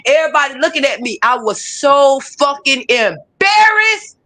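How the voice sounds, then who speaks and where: High-pitched woman, lively profane storyteller, casual chat guest. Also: moderate pace.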